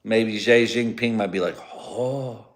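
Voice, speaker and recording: A man's voice: fairly low pitch, unhurried. Profane, giggly man rambling in a garage. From United States. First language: Spanish. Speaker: podcast host. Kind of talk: solo comedy podcast. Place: home garage.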